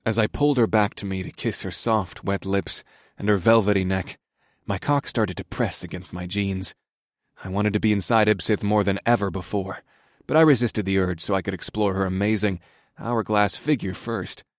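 A man narrating an erotic story in the first person, in a steady, subdued reading voice. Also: lowish voice, normal speed, dry recording, clean studio sound.

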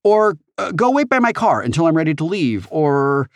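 A man's voice: a little high, sing-song, normal speed, no room sound, pitched above the performer's own voice. A man voicing a nervous, lovestruck teenage boy who stammers and talks awkwardly and eagerly in an audiobook. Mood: impatient.

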